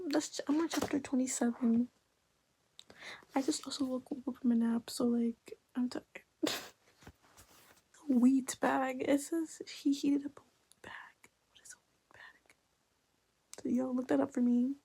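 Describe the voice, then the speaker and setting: Whispery, husky woman reading and reacting. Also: high-pitched, mellow, low-quality recording. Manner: often half-whispered, casual, laughing asides. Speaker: webtoon reading vlogger.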